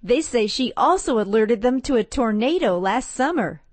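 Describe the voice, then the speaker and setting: A woman reporter reading a scripted radio story in a clear, measured way. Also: fairly high pitch, animated. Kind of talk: scripted news segment.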